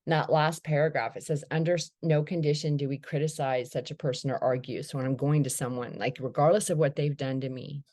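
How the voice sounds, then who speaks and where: A middle-aged woman candidly sharing her recovery story, telling it as a lively anecdote with acted-out dialogue. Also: deep voice, fairly quick, few pauses. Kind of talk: personal recovery talk.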